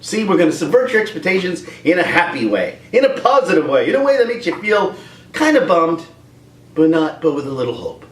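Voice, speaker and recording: Brisk and fairly high-pitched, with big swings in pitch, a man rants comically at home, rambling and breaking into voices for his video. There's a dog in the room, and the recording sounds roomy and far from the mic.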